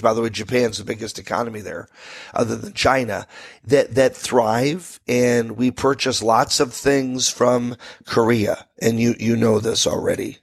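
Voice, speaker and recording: Folksy American talk radio host. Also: male voice, mid-range voice, creaky, breathy edge. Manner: folksy and rambling, with asides to listeners. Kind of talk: talk radio history segment. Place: radio studio.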